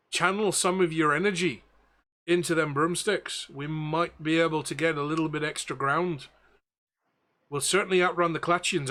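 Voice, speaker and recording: A man's voice: a little high, pushed and bright. A man doing a blustering Belfast sea captain. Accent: Belfast, put on. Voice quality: rough, self-admitted poor accent. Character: gruff male ship captain, worried and blustering. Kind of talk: tabletop game character voice.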